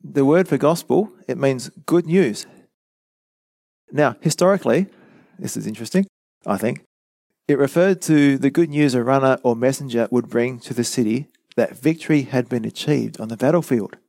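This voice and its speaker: A man preaches in an earnest, teacherly way, driving each point home with repetition and rhetorical questions. His voice sits at an ordinary middle pitch. It sounds close and dry, with no room echo. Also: moderate pace, creaky, a little mellow. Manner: earnest, explanatory, emphatic repetition. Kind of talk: teaching sermon.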